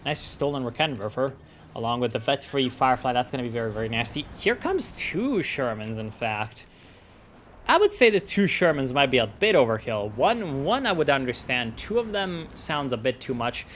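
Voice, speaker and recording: Bright, excitable male game caster. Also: mid-range voice, moderate pace, a little hiss or hum. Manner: excitable, swears and rants at players. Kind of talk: casual gameplay commentary.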